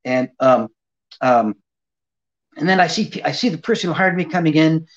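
Animated older man telling stories, lo-fi. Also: on the high side, quick pace. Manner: animated anecdote teller, acting out quoted voices. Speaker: ventriloquist guest. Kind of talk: storytelling interview chat. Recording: dull lo-fi audio.

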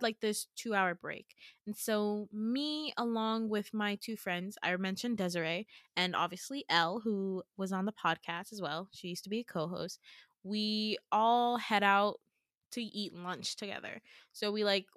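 A woman hosting a podcast, telling a story in a loose, chatty way with plenty of swearing and lively asides. Her voice sits at an ordinary middle pitch. The recording is close and dry. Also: no echo. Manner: chatty, profane, animated retelling. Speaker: podcast host. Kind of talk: casual storytelling.

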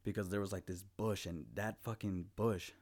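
A young man with a lowish voice, hosting a casual chat in a laid-back way. He tells profane stories and acts out the quotes. He grew up in Los Angeles. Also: fairly even intonation, moderate pace, a little mellow.

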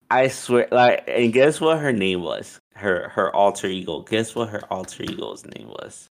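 A man casually telling a long personal story, animated and profane, acting out what people said. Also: on the low side, unhurried, creaky. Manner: animated, profane, acts out quotes with laughs.

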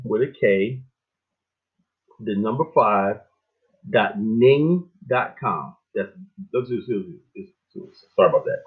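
A middle-aged man hosting a show, rambling in a casual monologue with lots of fillers and animated stories. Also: fairly low pitch. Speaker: show host. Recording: tinny phone-like line.

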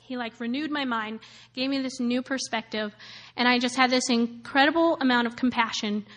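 A high-pitched woman in her thirties shares a personal testimony in a loose, chatty way. She fills her story with "like" and "um", laughs often, and acts out the people she met. Her voice sits bright and light above most women's. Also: normal speed. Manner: animated, many fillers and laughs, acts out quoted voices. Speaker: speaker sharing a personal testimony.

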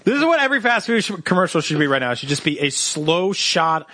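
A man's voice: fairly high pitch, very animated, quick pace, pushed and bright, no room sound. A man co-hosting a comedy podcast, riffing absurd bits with swearing and laughing through his sentences. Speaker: podcast co-host.

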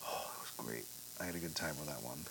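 Speaking quickly in a bass voice with vocal fry, a man co-hosting a casual podcast rambles through anecdotes. He brings them to life with acted-out quotes and laughs.

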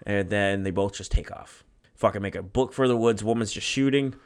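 A man's voice: lowish voice, a little fast, clear, resonant tone. A man co-hosting a podcast, casually telling a made-up story in a rambling, profane way. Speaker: podcast co-host.

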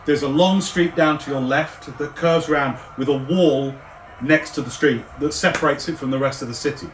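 A man narrating as game master, describing the scene at length with frequent fillers and pauses. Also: fairly high pitch, slight background noise. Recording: roomy, distant mic.

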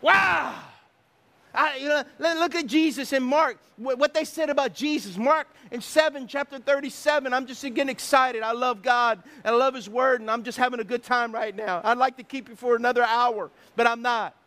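A man's voice: very high-pitched, fairly even intonation, brisk, hardly any pauses, a bit bright. A middle-aged man preaching a sermon, telling stories with sound effects and acted asides. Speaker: pastor.

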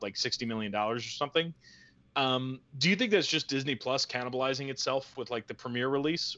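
A man's voice: mid-range voice, sharp tone. Rambling jokey man, slightly dull sound. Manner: rambling, jokey, full of fillers. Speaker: podcast co-host. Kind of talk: casual chat.

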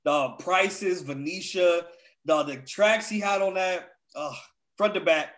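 A man's voice: high voice, takes it slowly, fairly bright tone. A young man chatting casually as a podcast co-host, laid-back and slangy. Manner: laid-back slangy talk, says "dog" a lot. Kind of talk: casual chat.

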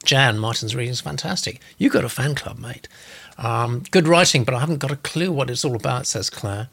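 A man's voice: mid-range voice, brisk, gravelly, pushed and bright, breathy edge. A man hosting a casual live show, chatting loosely and reading out audience comments. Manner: chatty, reads out comments with fillers. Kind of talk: casual live-stream chat.

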